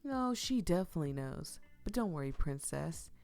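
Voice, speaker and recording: A woman's voice: low-pitched, sing-song, moderate pace, a little mellow, faint music behind. A woman reading the lines of a smug, teasing young man in a story game.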